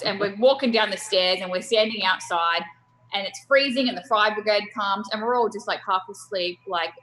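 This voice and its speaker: A young woman tells a lively anecdote over a video call, laughing easily as she goes. Her voice is bright and forward. A faint background hiss sits under the call audio. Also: medium pitch, low-quality recording. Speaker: storyteller guest on a video call. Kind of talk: casual anecdote telling.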